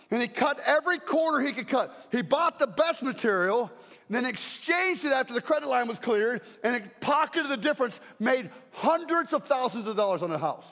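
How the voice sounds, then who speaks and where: Brief: male preacher, very high voice, animated sermon delivery with shouted punch lines, echoey hall. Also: normal speed. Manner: animated, emphatic, shouts key phrases. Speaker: traveling preacher.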